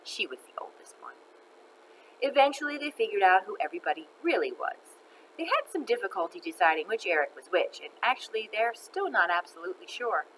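A woman reading a children's book aloud in an expressive, animated way. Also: medium pitch, a little fast, slight background noise, poor audio. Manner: expressive, animated, laughs between lines. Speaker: storyteller.

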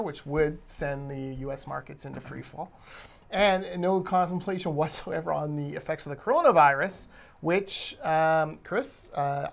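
Male podcast co-host with a gravelly, creaky voice; conversational, pointed. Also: fairly high pitch, a little hiss or hum. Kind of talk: casual discussion podcast.

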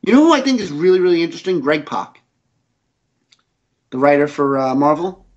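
A man's voice: fairly high pitch, big pitch swings, a little fast, lo-fi sound. A man who creates comic books, chatting as a podcast guest, rambling and enthusiastic, with many restarts. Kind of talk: casual interview chat.

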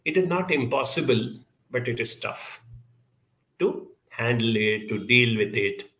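Man, counsellor talk, gravelly, roomy echo, earnest advice, hesitant fillers. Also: fairly high pitch, sharp tone. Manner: earnest, advisory, with frequent hesitations. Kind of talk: talk answering audience questions.

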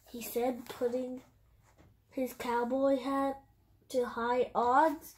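A woman reading a picture book aloud in a careful, halting way. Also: sits high, little pitch movement, darkish tone, a little hiss or hum. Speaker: storybook reader.

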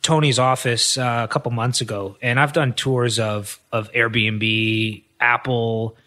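A man hosting a podcast, telling stories in a relaxed, easygoing way. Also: mid-range voice, measured pace. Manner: relaxed, laughs easily, lots of fillers. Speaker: podcast host. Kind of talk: casual chat.

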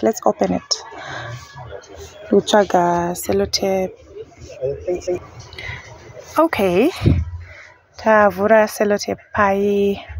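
Excitable young Zimbabwean woman vlogger. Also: medium pitch, slight background noise, low-quality recording. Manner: excitable, mixing Shona and English. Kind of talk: casual vlog narration.

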